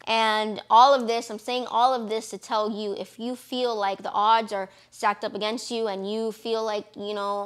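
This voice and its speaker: A woman's voice: a little high, little pitch movement, moderate pace, hardly any pauses, clear, resonant tone. A young woman from Florida, a lash business owner, talking casually and encouragingly to camera with lots of fillers. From Florida, USA. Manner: chatty, encouraging, many fillers.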